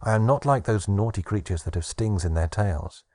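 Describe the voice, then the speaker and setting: A man's voice: fairly low pitch, normal speed, a little mellow, dry recording, studio quality, close to an everyday voice. A man voicing Hope, a sweet, cheerful little female fairy who speaks in an arch, coaxing way in an audiobook. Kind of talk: audiobook narration.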